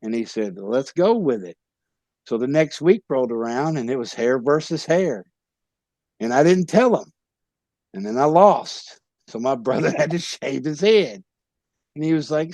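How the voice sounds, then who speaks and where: A man, a wrestler guest telling animated stories in casual talk, acting out quoted voices and swearing freely. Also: on the high side, normal speed, no echo. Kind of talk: casual storytelling interview.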